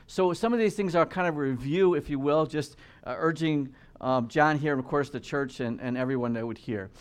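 A man preaching a verse-by-verse Bible teaching, reading scripture slowly and with emphasis, then explaining it in casual asides, often dropping low and quiet at the ends of points. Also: clear, resonant tone. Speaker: pastor.

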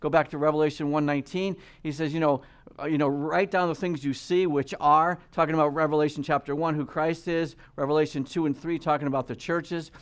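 A man preaching a verse-by-verse Bible teaching, reading scripture slowly and with emphasis, then explaining it in casual asides, often dropping low and quiet at the ends of points. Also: fairly even intonation, smooth. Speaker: pastor.

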